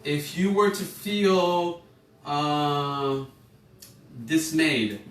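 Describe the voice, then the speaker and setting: A man with a fairly high voice speaks extremely slowly while teaching an online emotional intelligence class. He talks informally, rambling, correcting himself, and putting questions to his listeners. The room is echoey, he's a bit far from the mic, and faint music plays.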